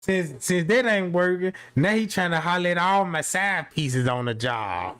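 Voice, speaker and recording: A high-pitched man, a comic storyteller, spins a long, profane tale about his job, rambling and restarting and packing in slang and fillers. His delivery is lively, at a moderate pace with a clean tone.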